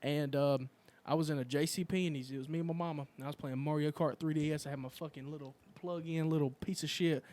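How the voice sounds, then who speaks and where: A man's voice: on the high side, fairly even intonation, fast, few pauses. Young man telling rowdy stories. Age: young adult. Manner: profane storytelling, loud acted quotes. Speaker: podcast host. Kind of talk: casual chat.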